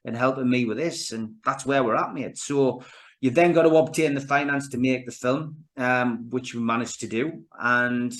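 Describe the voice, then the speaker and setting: Here a man with a Geordie accent, from North East England, is a guest on a podcast, chatting casually and calling the host "mate." He keeps restarting and says "you know, mate" a lot. His mid-range voice is a bit bright and moves at a normal speed.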